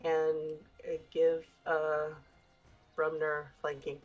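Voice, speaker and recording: A woman's voice: sits low, completely flat delivery, extremely slow, dull audio, faint music behind. A woman player calling out rolls in a tabletop game, upbeat and casual.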